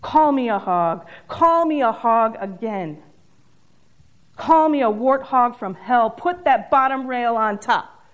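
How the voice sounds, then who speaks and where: A woman's voice: on the high side, expressive, slow, highs cut off. A woman voicing a proud, indignant older farm woman who rails in self-righteous fury. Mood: furious. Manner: furious, self-righteous outbursts.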